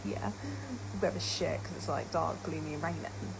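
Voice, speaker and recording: A woman's voice: low voice, fairly even intonation, creaky, background noise. A young British woman answering questions bluntly and with sarcasm in a casual social media clip. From United Kingdom. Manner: blunt, sarcastic, explains things slowly.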